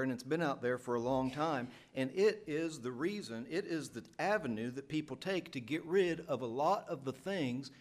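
A middle-aged man from the United States, preaching a sermon in an earnest, emphatic way. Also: on the high side.

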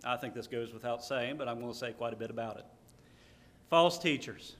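A man's voice: mid-range voice, a little fast, a bit bright. A man preaching a sermon, stressing key words and reading scripture aloud.

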